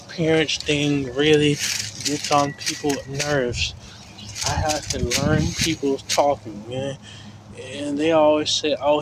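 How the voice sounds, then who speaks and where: A man in a rambling, repetitive, profane casual rant, recorded outdoors. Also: a little high. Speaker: vlogger. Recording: outdoor street noise.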